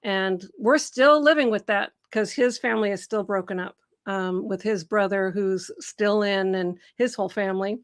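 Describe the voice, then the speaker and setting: A woman's voice: mid-range voice, moderate pace, few pauses. A middle-aged woman from the Seattle area hosting a live Q&A stream, bubbly and laughing often as she greets viewers and reads their comments. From Seattle area, USA. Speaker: host.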